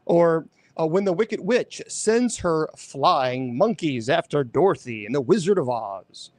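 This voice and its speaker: A man hosting a show, chatting casually in a rambling, animated way, often correcting himself. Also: fairly high pitch, a little slow, no room sound. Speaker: host. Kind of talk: casual chat.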